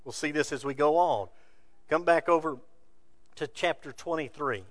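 A man preaching a sermon from scripture, building to loud emphatic peaks and dropping to quiet asides. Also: on the high side, normal speed, no echo. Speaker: pastor.

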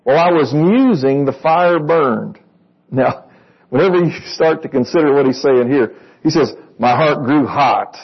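A man's voice: mid-range voice, normal speed, husky, lo-fi sound. A man preaching a sermon to a congregation in a conversational way, reading verses and asking them questions. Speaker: pastor.

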